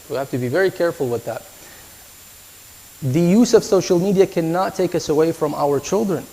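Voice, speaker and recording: A man giving a sermon at a mourning gathering, moving from calm teaching into a chanted, emotional lament. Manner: voice climbs higher and louder, chanting lines as a lament. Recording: echoey hall.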